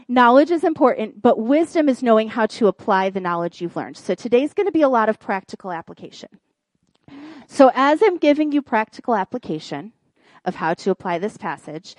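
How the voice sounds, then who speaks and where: A woman, a pastor's wife, preaching in church and telling a funny personal story in an animated way. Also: a little high, no room sound. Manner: animated storytelling, acts out quoted voices. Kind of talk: sermon with a humorous personal story.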